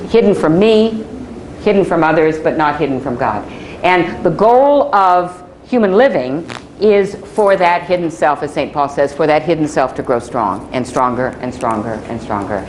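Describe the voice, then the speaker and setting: Low woman musing slowly thru a lecture, roomy echo, faint hiss. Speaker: scholar lecturing. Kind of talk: reflective lecture. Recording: echoey room on digitized DVD.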